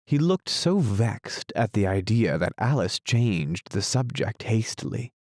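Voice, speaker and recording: Male audiobook narrator, measured reading, low voice, dry close sound. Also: creaky, darkish tone, dry recording. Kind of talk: storybook narration.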